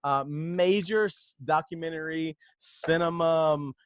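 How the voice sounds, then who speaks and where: Rambling podcast host, dry close sound. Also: male voice, on the high side, measured pace, clean tone, no room sound. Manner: rambling, many fillers and restarts, laughs often. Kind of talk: casual chat.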